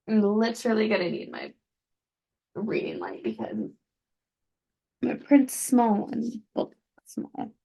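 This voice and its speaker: Woman, home book podcast, chatty asides, fairly high voice. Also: huge pitch swings, takes it slowly, creaky, pauses often, warm tone, husky. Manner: reads with stumbles and self-corrections, chatty asides. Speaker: podcast host reading a novel aloud. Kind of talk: casual read-aloud. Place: home at night, indoors.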